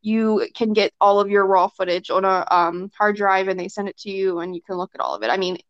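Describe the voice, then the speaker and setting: Speaking briskly in a smooth mid-range voice, a young woman guests on a podcast for a casual chat. She's talkative, leans on fillers and frequently acts out short quotes, all in a dry, slightly dull recording.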